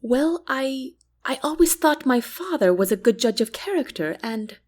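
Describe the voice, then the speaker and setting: A woman voicing a thoughtful, guarded young queen in an audiobook, formal and measured. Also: high voice, expressive, darkish tone, pitched above the performer's own voice. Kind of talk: audiobook character reading.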